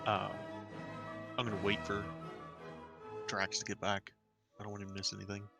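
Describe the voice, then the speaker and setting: A man narrating a tabletop game as game master, halting with fillers. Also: on the low side, monotone, vocal fry, over loud music.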